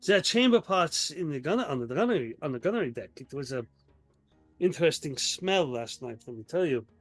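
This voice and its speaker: A man playing his character in a tabletop game with a put-on accent, halting and polite, often fumbling his words. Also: on the high side, animated, no room sound, soft background music. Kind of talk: in-character tabletop role-play.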